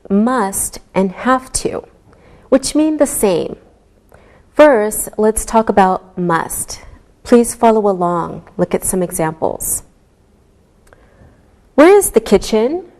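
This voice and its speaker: Slow, careful woman teacher. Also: mid-range voice, darkish tone. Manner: slow, clearly enunciated teaching voice. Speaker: English teacher. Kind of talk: slow classroom instruction.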